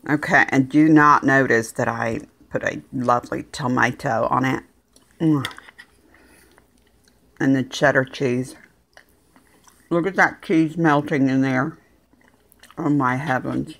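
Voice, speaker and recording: A woman chatting casually in her home kitchen, talking homey and cooing at her dog in a high sing-song voice. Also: fairly even intonation, slow, gravelly, long pauses, fairly bright tone. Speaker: vlogger. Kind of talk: casual kitchen vlog chat.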